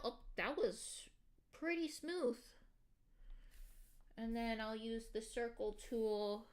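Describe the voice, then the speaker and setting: A woman's voice: medium pitch, clean tone. A woman streamer chatting casually to her viewers while she draws, with a lot of ums and likes. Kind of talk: casual livestream chat while drawing.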